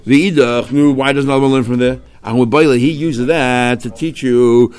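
Male study teacher, mid-pitched voice, rhetorical questions, mixes in Hebrew-Aramaic terms, sudden rises in pitch and loudness. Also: normal speed, few pauses. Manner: asks himself questions and answers them, rising sharply on key points. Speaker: Talmud teacher. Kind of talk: explaining a religious text passage.

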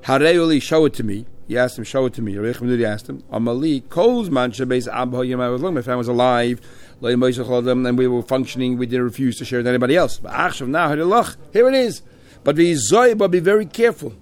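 Fast-talking man teaching Talmud. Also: medium pitch. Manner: reads Hebrew and Aramaic phrases then explains in English. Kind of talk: Talmud study class, reading and translating.

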